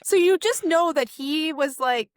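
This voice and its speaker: Young female co-host, animated storyteller, higher voice, dry mic. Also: unhurried, dry recording. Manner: animated storyteller, acts out quotes. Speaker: podcast co-host. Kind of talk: casual sports chat.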